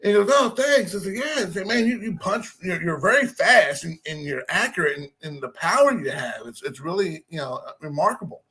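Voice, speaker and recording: A man's voice: high voice, lively intonation, fairly quick, hardly any pauses, sharp tone. A man telling a rambling, self-deprecating story in a casual chat.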